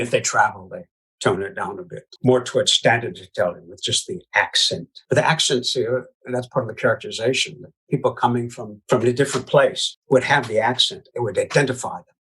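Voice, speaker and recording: Guy from the us telling puppet-tour stories, kinda husky, mid voice, lots of "you know"s. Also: mid-range voice, fairly bright tone, poor audio. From United States (Iowa). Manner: chatty, laughs often, many "you know" asides. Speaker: puppeteer guest. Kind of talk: casual storytelling interview.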